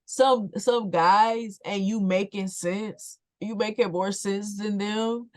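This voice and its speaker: A woman co-hosting a podcast in casual chat, lively and quick to laugh. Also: mid-range voice. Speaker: podcast co-host.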